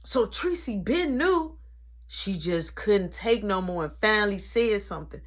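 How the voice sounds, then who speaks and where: A young man telling a personal story in a casual, animated way, acting out the people in it. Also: high voice, measured pace.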